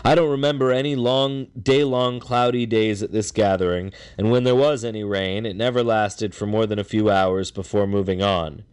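Man, low voice, smooth and clear, dry close sound, measured memoir reading. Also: fairly even intonation, no echo. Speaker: reader of his own memoir. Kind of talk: first-person memoir reading.

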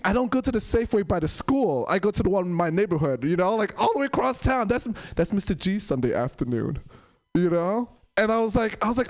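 A young man doing stand-up, telling stories and acting out characters in a high voice. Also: a little fast. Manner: animated, acts out characters in a high voice. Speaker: stand-up comedian. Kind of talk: stand-up storytelling.

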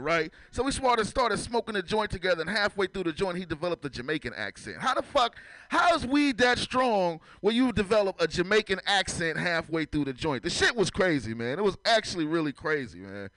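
A man's voice: high voice, pushed and bright, no echo, rough recording. A man from San Francisco doing a stand-up comedy set, talking loosely and profanely and teasing the crowd. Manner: loose, profane, chatty, teases the audience. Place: comedy club.

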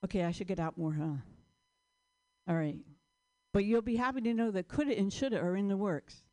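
A woman's voice: medium pitch, normal speed, darkish tone. Rambling self-deprecating woman comic. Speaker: stand-up comedian. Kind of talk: stand-up comedy set. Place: stage before a live audience.

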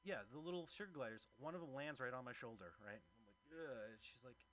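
Male comedian and open-mic emcee, bright, forceful tone, loose, rambling, chuckling delivery. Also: mid-range voice, expressive, brisk, a little hiss or hum, poor audio. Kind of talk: stand-up comedy set.

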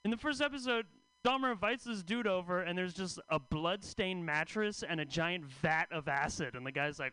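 Male stand-up comic, conversational, crisp and bright tone. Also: high voice, moderate pace, no echo, rough recording. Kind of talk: stand-up comedy set. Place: comedy club stage.

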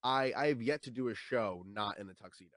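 A young man talks casually as a comedian guest. He keeps his voice at an everyday middle pitch and often trips over his first words before the thought comes out. The sound is close and dry, with no room around it. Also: brisk, fairly bright tone, dry recording. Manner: chatty, repeats words when starting sentences, acts out quoted voices. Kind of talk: casual interview chat.

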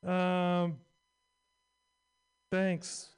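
A man's voice: sits high, monotone, drawn-out words, clean tone. A young adult man doing a stand-up set, rambling and crude with lots of filler words. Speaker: stand-up comedian.

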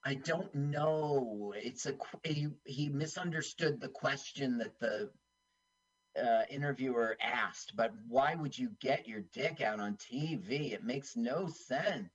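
A man co-hosting a casual watch-along chat, playful and joking, with a husky voice. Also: medium pitch, slow pace, dull audio. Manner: playful, doing silly put-on voices. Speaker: podcast co-host.

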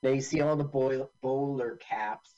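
A man's voice: medium pitch, fairly even intonation, a little slow, warm tone, lo-fi sound. A man co-hosting a radio show, chatting casually and retelling scenes by acting out the lines. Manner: loose storytelling, acts out quotes. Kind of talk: casual chat.

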